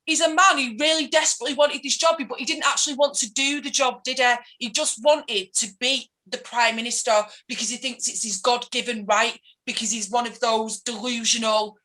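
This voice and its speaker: Mancunian woman activist, fiery and chatty, slightly high-pitched. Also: steady tone, pushed and bright, poor audio. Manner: passionate, ranting, quick to mimic others. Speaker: activist guest. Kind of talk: casual political interview.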